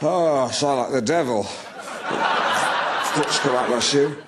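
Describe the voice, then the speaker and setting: An actor playing a pompous, awkward middle-aged male presenter hosting an awards night, flustered and self-deprecating, over loud crowd noise. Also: medium pitch, takes it slowly, close to an everyday voice. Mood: awkward bravado. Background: crowd laughter and noise.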